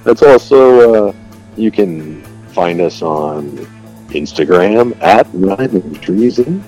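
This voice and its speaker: A man's voice: a bass voice, darkish tone, slightly rough, dull audio. A man co-hosting a radio show by phone in casual banter, laid-back and swearing often. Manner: laid-back, swears a lot, says bro. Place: at home, on a phone line.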